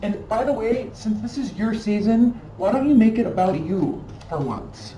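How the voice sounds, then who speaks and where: Her mid-range voice is warm with lively intonation and a moderate pace. Giving a tarot card reading, she scolds emphatically and repeats phrases to drive points home, recorded in an echoey room from a distant mic with faint noise behind.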